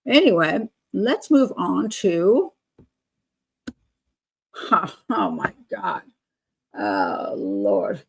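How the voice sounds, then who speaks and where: A woman's voice: mid-range voice, wildly swooping pitch, extremely slow, gravelly, long pauses, husky. An older woman hosting a live chat show, blunt and opinionated, laughing often as she reads out viewer comments.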